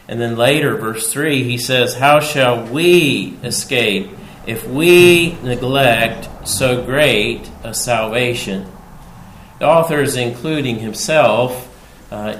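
Slow, measured male preacher in a roomy hall. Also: mid-range voice. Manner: measured preaching, rising loud emphasis on scripture quotes. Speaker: pastor. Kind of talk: expository sermon. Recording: roomy hall sound with faint background noise.

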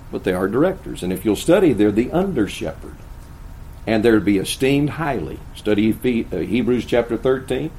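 A man preaching a sermon, swinging between hushed, intimate asides and loud, emphatic declarations. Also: medium pitch, poor audio. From United States. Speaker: pastor.

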